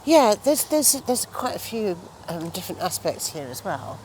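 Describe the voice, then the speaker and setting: A woman who trains estate agents gives her views as a guest in an outdoor interview beside a towpath with passing traffic. She is emphatic, acting out quoted exchanges in a pointed tone, with a lowish, slightly mellow, sing-song voice at normal speed. Street noise comes through clearly.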